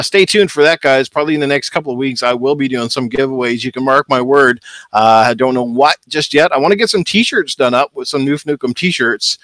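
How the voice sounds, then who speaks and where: A man's voice: medium pitch, a bit bright, dry recording, clean studio sound. A man hosting a casual gaming livestream, talking in an upbeat, chatty way and reading out viewer comments. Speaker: gaming show host.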